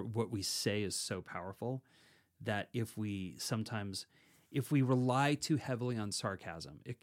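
A man co-hosting a podcast and teaching meditation in casual chat, rambling and self-correcting, laughing easily. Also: fairly low pitch.

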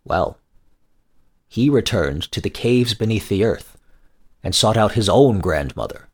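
A man narrating a scripted folk tale in a measured storytelling manner. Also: lowish voice, animated, slightly rough.

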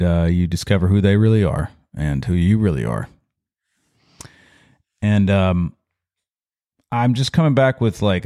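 A man's voice: low-pitched, mellow, no room sound, clean studio sound. A man hosting his own podcast, rambling in a casual, folksy way and often checking in with the listener. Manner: rambling, folksy, keeps saying "you know what I mean". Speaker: podcast host. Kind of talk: casual solo podcast monologue.

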